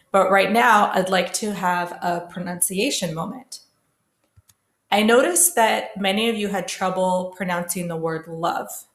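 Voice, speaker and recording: A woman teaching a classroom pronunciation lesson, modelling sounds slowly and carefully for students to repeat. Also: mid-range voice. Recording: echoey room.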